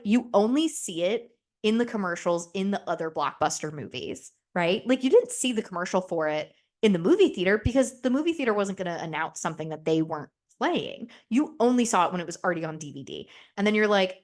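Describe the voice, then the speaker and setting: Chatty, candid young woman podcaster. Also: fairly low pitch. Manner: chatty, candid and profane, acts out quoted voices. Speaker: podcast host. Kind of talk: casual solo podcast chat.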